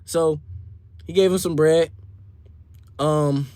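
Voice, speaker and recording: Animated young man telling a party story. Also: fairly high pitch, slow, no room sound. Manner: animated, slangy, profane. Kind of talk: storytime vlog.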